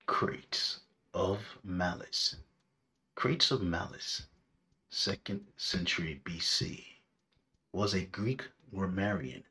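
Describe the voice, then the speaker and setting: A man narrating a scripted history lecture in a measured, deliberate way, drawing out his phrases. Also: deep voice, fairly bright tone. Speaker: history presenter.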